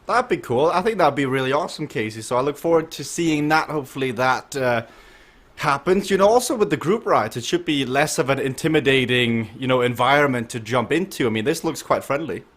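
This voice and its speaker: A man's voice: medium pitch, lively intonation, brisk, fairly bright tone. A man hosting a casual live stream of a group bike ride, joking and laughing often and asking riders questions. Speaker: host of a virtual cycling group ride stream.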